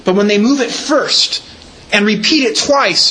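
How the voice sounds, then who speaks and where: A man's voice: sits high, sing-song, unhurried, sharp tone, slight background noise, low-quality recording. A man preaching a sermon in a church, explaining scripture carefully and leaning hard on repeated words for emphasis. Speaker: pastor.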